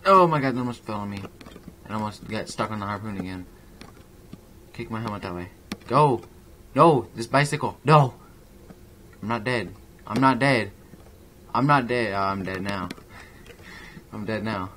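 A man with a somewhat low voice talks through a video game as he plays. His commentary rambles, then jumps into excitable reactions. Faint ambient noise sits under his voice. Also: normal speed, pauses often. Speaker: gaming channel host. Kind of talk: let's play commentary. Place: at a home computer.

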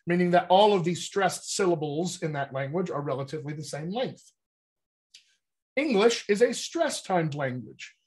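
A man working as a dialect coach, explaining accent work in a casual, upbeat teaching manner with conversational fillers. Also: a little high.

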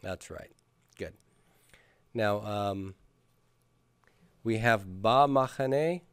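A man's voice: lowish voice, very slow, a bit bright, clear, resonant tone, dry recording, studio quality. A man teaching a class, patiently drilling students and having them repeat after him. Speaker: Hebrew grammar teacher. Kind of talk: classroom lecture with questions.

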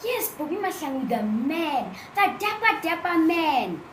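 Playful dog friend, voiced by a woman, high-pitched, lively, slight noise. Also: unhurried, exaggerated voice. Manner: excitable, playful. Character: excitable, curious dog friend. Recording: roomy sound with faint noise.

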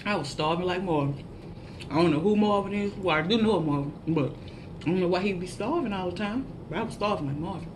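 A woman's voice: on the low side, a little fast, background noise. Chatty woman eating on camera. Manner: chatty, chewing and humming between bites; laughs at herself, animated shout-outs to viewers. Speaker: mukbang vlogger. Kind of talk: casual eating vlog chat.

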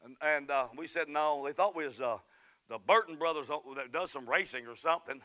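Southern pastor, middle-aged man, high clear voice, shouts then drops to quiet storytelling. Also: a little fast. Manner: swings between shouted fervent preaching and quiet storytelling. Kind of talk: sermon. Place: church sanctuary.

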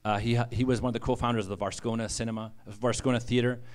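A middle-aged man, an author, giving a humorous storytelling talk to writers, animated and self-deprecating, laughing at his own jokes. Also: mid-range voice, fast. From Canada.

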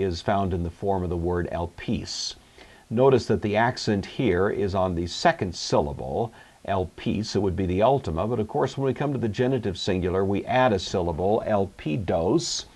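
Guy giving a greek grammar lesson, lowish voice, steady explaining, some uhs. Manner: measured, explanatory, with occasional fillers. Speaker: Greek teacher. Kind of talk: recorded grammar lecture.

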